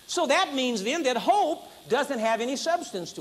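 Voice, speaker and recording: A man preaching an emphatic, repetitive sermon at a conference, building to high exclamations. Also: big pitch swings, normal speed, hardly any pauses. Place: conference hall.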